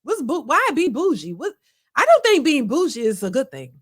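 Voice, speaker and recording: Opinionated woman host, lively pitch. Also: moderate pace. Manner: blunt, opinionated, repeats herself. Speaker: reaction channel host. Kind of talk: casual commentary on a clip.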